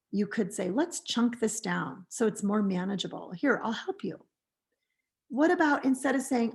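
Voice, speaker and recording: An American woman presenting a teaching webinar, gently and earnestly contrasting harsh phrases with supportive ones. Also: a little high, moderate pace, creaky. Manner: gentle, earnest, reads example phrases aloud. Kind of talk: recorded webinar lecture.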